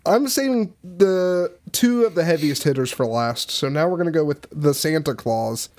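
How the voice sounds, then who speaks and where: A young man talking casually with friends on a podcast. His voice sits a little high, and he keeps the banter animated and joking while he steers the ranking. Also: moderate pace. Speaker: podcast co-host. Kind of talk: casual chat.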